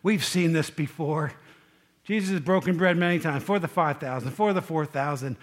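A male preacher delivers a sermon in a fairly high voice. He reads scripture with rising force, then drops low for quiet asides. He keeps putting questions straight to his listeners. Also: normal speed. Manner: animated, swings between loud scripture reading and quiet asides; asks the congregation questions directly.

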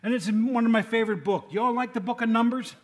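Talking quickly in a very high voice, a male lay preacher delivers a relaxed, joking sermon and repeatedly quizzes the people in the room.

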